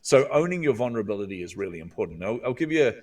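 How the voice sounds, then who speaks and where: A man with a New Zealand accent, a guest coach telling stories in an interview and acting out inner voices with drawn-out pauses. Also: fairly low pitch, recorded from a distance. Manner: animated, acts out inner voices with drawn-out "hmm". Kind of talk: storytelling interview talk.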